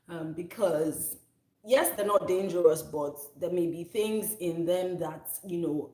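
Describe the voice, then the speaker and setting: A woman in her thirties chats casually as a soap maker in a rather low voice. She rambles and corrects herself mid-sentence, recorded in an echoey room. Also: darkish tone. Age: 30s. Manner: chatty, rambling, self-correcting. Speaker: soap maker, channel host. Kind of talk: casual chat.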